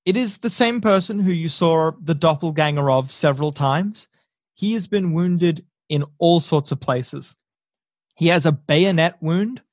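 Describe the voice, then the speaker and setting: A man's voice: on the high side, unhurried, dry recording. A man narrating a tabletop war game as game master. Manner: steady descriptive narration.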